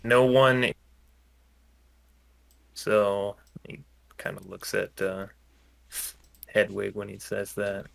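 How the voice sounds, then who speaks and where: Man player in a tabletop game, bright tone, placating. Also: lowish voice, fairly even intonation, slow, vocal fry, pauses often. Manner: reasoning, placating, hedging. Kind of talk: tabletop role-play banter.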